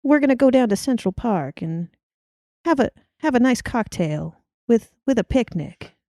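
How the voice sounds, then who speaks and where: A woman's voice: on the high side, sing-song, moderate pace, dark tone, no room sound, studio quality, voice pushed up. Casting: breezy old-time Mid-Atlantic society dame, lilting and showy, put on by a woman. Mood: chirpy.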